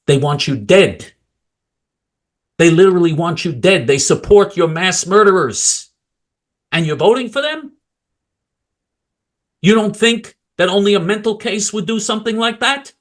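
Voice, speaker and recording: A male political commentator ranting angrily and mockingly, swinging from loud outbursts to low mutters. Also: measured pace, pauses often.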